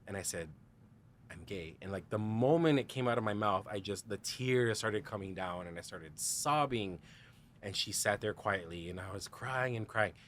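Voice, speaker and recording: The man's pitch is fairly low and his tone fairly bright, with slight background noise. During a podcast appearance he candidly recounts a personal story, quoting others in dialogue, laughing frequently, and relying on lots of "like" and "you know."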